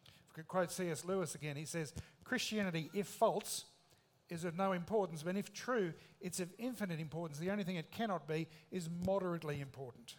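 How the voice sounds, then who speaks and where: A man's voice: sits high, fairly quick. A man preaching a sermon in an emphatic, conversational way, with rhetorical questions.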